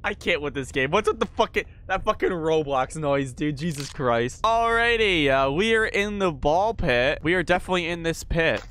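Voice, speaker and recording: A man's voice: fairly high pitch, animated, normal speed, few pauses, fairly bright tone. A young man commenting on a horror game as he plays, swearing often and jumping at noises. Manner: profane, jumpy, talks to himself while playing. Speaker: gaming YouTuber.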